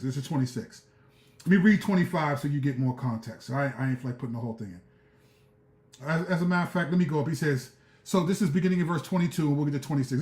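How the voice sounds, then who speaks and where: Male streamer host, fervent street-slang preacher, slightly high voice, echoey room. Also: darkish tone. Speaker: show host. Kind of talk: live-stream commentary.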